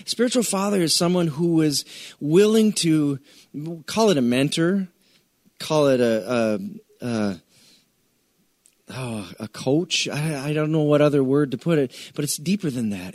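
A man's voice: on the high side, animated, moderate pace, a little mellow, dry recording, clean studio sound. A middle-aged man from the United States preaching a conversational sermon, with joking asides, restarted sentences and key words drawn out for stress. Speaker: pastor.

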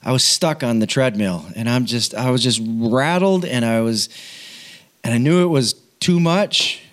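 Middle-aged man, pastor, personal story sermon, self-mocking, laughs a lot, restarts sentences, mid pitch. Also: unhurried.

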